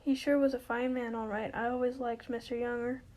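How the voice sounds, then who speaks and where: A worn-out young wife, read by a woman, speaking plainly with a dry edge. The voice is high and mellow, kept low-key in a simple play reading. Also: level tone, brisk, close to an everyday voice, low-quality recording. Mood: sympathetic.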